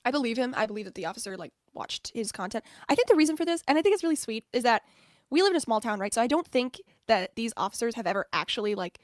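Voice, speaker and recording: A woman from the United States hosting a live stream, chatting casually with frequent laughs and animated asides. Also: a little high, quick pace, dry recording, studio quality. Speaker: streamer host.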